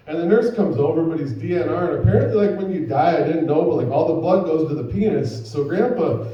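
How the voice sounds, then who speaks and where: A man's voice: fairly high pitch, fast, very echoey, far from the mic, dull audio, slight background noise. A man doing a stand-up comedy set, telling a rambling story full of fillers and crude punchlines. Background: audience laughter.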